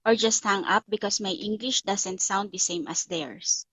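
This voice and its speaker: A woman from the Philippines with a Filipino accent, a call center agent speaking in a soft, even tone in a scripted demo. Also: medium pitch, normal speed, dry recording. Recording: slightly dull lo-fi call audio.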